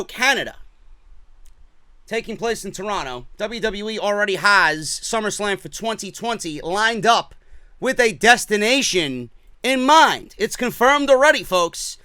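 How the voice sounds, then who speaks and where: A man's voice: high-pitched, animated, a little slow, sharp tone, clear, resonant tone, no echo, studio quality. A man with a New York accent hosting a wrestling podcast, ranting with sarcastic, profane commentary. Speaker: podcast host.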